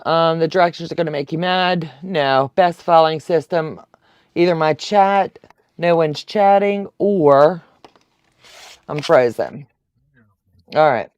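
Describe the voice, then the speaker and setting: A woman's voice: low voice, slow, long pauses, a little mellow, clean tone, no echo, dull audio. A woman, chatting and laughing as she teaches a quilting live stream. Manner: chatty, laughs often, talks to viewers. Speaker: quilting instructor. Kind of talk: casual live-stream tutorial.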